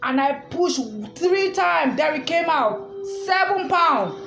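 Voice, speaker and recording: A woman's voice: very high-pitched, lively intonation, slow. A woman telling a personal story in a casual, repetitive and emphatic way. She often stops to ask the listener "understand?". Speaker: storyteller recounting her own experience. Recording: echoey room with faint music.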